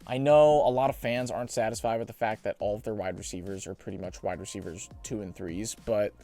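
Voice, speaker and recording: A young man hosting a sports show, giving chatty, animated mock draft commentary with joking asides. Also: fairly low pitch, brisk, faint music behind.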